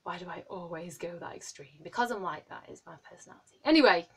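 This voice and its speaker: A woman in her late twenties chatting to camera in a rambling, excitable way, full of ums and likes. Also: on the low side, fast talker, slightly rough. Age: 20s. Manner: rambling and excitable, heavy with fillers. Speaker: vlogger. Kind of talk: casual chat to camera.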